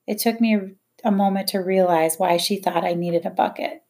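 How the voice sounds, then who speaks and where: Woman reading a novel, quiet and measured. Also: medium pitch, steady tone. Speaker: audiobook narrator. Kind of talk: first-person novel narration.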